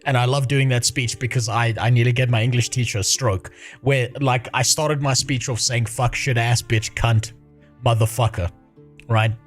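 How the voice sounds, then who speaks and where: A man's voice: medium pitch, fairly even intonation, normal speed, few pauses, soft background music. A man in his thirties, a livestreamer chatting casually, swearing freely and laughing often. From South Africa. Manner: profane, laughs often while talking. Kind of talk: casual chat.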